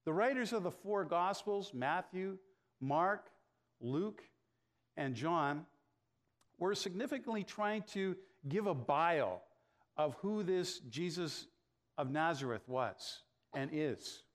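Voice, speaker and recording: A middle-aged pastor preaching in a relaxed, storytelling way, his speaking voice sitting a touch higher than most men's. He talks, pausing on "uh" as he works his way toward the point. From Canada. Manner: storytelling, frequent "uh" fillers, acts out dialogue. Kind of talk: conversational sermon with anecdotes.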